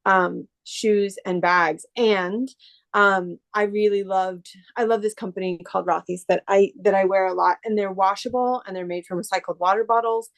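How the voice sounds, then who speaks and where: A woman from the Bay Area, an artist who customizes shoes, talking casually in an interview and rambling with many restarts. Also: medium pitch. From San Francisco Bay Area. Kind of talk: casual interview over video call.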